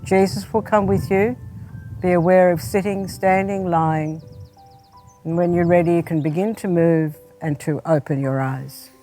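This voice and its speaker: Low-voiced woman leading a guided meditation. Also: fairly even intonation, faint music behind. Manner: gentle, unhurried, second-person guidance. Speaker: spiritual director and speaker.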